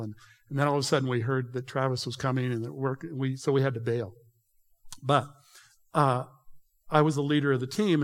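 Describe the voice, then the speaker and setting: A man preaching a sermon in an emphatic, conversational way, addressing the congregation directly. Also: medium pitch. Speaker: pastor. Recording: reverberant hall.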